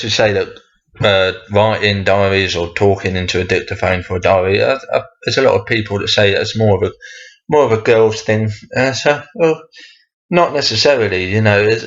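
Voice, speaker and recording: Rambling man, low voice. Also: fairly bright tone, highs cut off. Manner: rambling and hesitant, full of restarts, swearing when ranting. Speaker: podcast host. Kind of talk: casual solo monologue.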